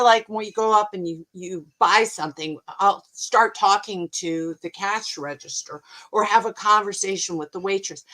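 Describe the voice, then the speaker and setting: An American woman hosting a mindfulness show, telling travel stories in a lively, chatty way. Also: mid-range voice. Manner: animated, chatty, expressive. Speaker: host and mindfulness coach. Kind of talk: casual storytelling to camera.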